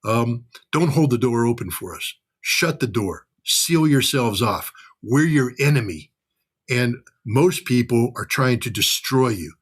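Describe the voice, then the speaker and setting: Speaking at a medium pitch, expressive and a little slow, this American guest commentator gets heated about politics. He's blunt and profane, imitating others' voices to make his case.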